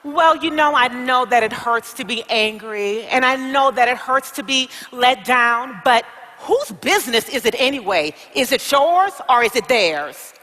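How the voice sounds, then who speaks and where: A woman's voice: fairly high pitch, animated, a little slow, bright, forceful tone, long reverb tail. A woman playing an airline check-in agent who exclaims and coaxes with preachy encouragement in a motivational comedy skit. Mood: encouraging.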